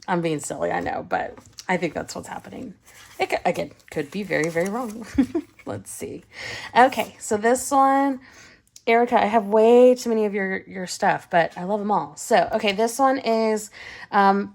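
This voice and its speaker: A woman in her thirties chatting casually and giggling while she counts cash for budget savings, her voice trailing off into soft counting. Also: mid-range voice, a little hiss or hum. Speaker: budgeting vlogger.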